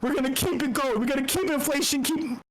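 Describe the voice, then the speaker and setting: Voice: sits high, fast, poor audio. A meetup host ranting about money with a lot of profanity. The host sounds tired, rambles, and keeps stumbling and restarting sentences. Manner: rambling, profane, stammers and restarts, mock quotes. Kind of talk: profane comedic rant on finance. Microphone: computer mic on an online meetup.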